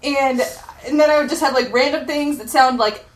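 A young adult woman reading her old teen blog aloud for laughs, in a lively, self-mocking way, full of "like" fillers. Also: high voice, normal speed. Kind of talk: comic live reading to a laughing audience. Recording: echoey room with faint noise.

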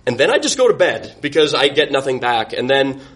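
A man's voice: mid-range voice, big pitch swings, a little fast, fairly bright tone. A young man on a podcast, wryly telling a self-mocking personal story and laughing through it. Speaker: podcast guest.

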